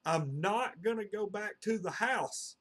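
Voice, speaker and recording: A man's voice: sits high, lively intonation, measured pace, fairly bright tone. A man, telling a personal story to camera in a casual, meandering way full of "uh" and "you know.". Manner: earnest, meandering, heavy on fillers like "uh" and "you know". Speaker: channel host.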